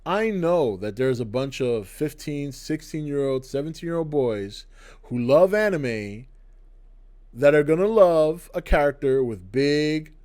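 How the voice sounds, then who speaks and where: A man's voice: a little high, lively intonation, measured pace, darkish tone. A middle-aged man hosting his own video channel, giving a blunt, sarcastic opinion rant to the camera. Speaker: channel host. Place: indoors, to camera.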